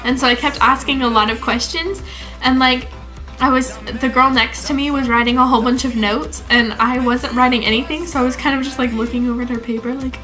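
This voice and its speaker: A teenage girl from the United States talks casually to the camera in a vlog, breaking into giggles and correcting herself as she goes. Her voice sits high and sounds bright and clear. Soft music plays faintly behind her. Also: steady tone, fairly quick, rough recording. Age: teens. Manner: chatty and giggly, with frequent laughs and self-corrections. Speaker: exchange student vlogger.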